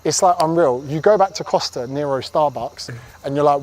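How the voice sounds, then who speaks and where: A man's voice: on the high side, brisk, darkish tone. A young English man vlogging about life abroad, chatty and blunt, swearing freely. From England. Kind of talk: casual travel vlog.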